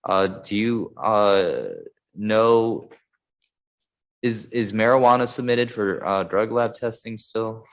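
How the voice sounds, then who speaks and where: A man cross-examining a witness in a court hearing, measured and polite, with hesitant fillers. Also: lowish voice, low-quality recording. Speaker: defense attorney.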